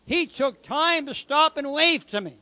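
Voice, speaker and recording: A man's voice: extremely high pitch, animated, measured pace, bright, forceful tone, no room sound. A man giving a preaching testimony as a former convict, telling his story in an emphatic, dramatic way.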